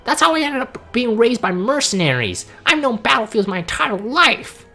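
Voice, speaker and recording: A man putting on a bitter young woman mercenary from a game story, his pitch raised well above his own. She talks with scorn and weary cynicism. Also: very animated, normal speed, sharp tone, faint music behind, full character voice.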